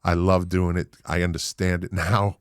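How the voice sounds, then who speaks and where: A man with a Boston accent hosting a podcast interview, animated and emphatic, with casual swearing. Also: deep voice, normal speed, smooth, no room sound, studio quality. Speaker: podcast host.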